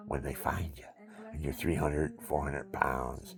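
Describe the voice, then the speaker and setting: A man's voice: a bass voice, steady tone, a little slow, vocal fry. A man telling rambling, preachy stories and jokes in an offhand monologue. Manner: rambling, joking, preachy storyteller. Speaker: outdoorsman talking to camera.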